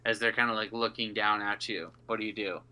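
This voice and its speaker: A man's voice: fairly low pitch, fairly even intonation, fairly quick, bright, forceful tone, low-quality recording. A man narrating as the dungeon master of a casual tabletop game, loose and profane, often laughing.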